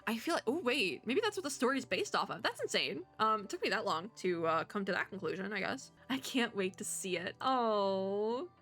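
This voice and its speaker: A young woman streamer giving chatty, giggly commentary while playing a game and reading its story aloud, breaking into excited squeals. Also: mid-range voice, normal speed, few pauses, faint music behind. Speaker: VTuber streamer.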